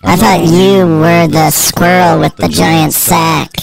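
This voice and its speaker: A radio co-host heard through a pitched-up chipmunk voice filter, trading dry, teasing quips in casual morning show banter. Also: little pitch movement, slow, vocal fry, soft background music, poor audio.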